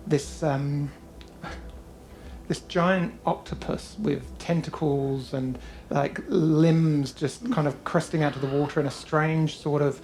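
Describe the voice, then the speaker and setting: A woman's voice: low voice, steady tone, slow pace, a little mellow, slight background noise. A woman narrating as game master in a casual, rambling way with many fillers.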